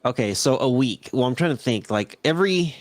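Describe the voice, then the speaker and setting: A man with a Southern Californian accent co-hosting a casual live-stream podcast, laid-back and quick to laugh, playing with accents. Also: medium pitch, animated, no echo. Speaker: podcast co-host.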